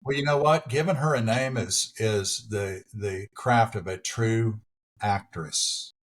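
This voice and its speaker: A man's voice: fairly low pitch, takes it slowly. A middle-aged man, an actor and preacher, telling anecdotes with self-deprecating humor as a podcast guest. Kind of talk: casual interview.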